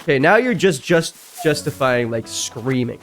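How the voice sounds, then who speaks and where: A man streaming a game, reading stories aloud and breaking in with loud, jumpy reactions. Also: big pitch swings, a little slow, soft background music. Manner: reacts loudly, jumps high in pitch. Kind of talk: casual reading and commentary while gaming.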